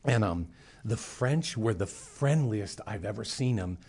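Husky-voiced man preaching a testimony. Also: fairly low pitch, a little slow. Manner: animated storyteller, acts out quoted voices. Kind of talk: testimony in casual talk.

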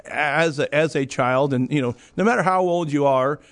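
Middle-aged man, slightly raised pitch, casual rambling chat, lots of fillers and restarts. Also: moderate pace, fairly bright tone.

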